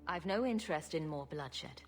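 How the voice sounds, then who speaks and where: A calm, dry-witted heroine. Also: female voice, low voice, normal speed, soft background music.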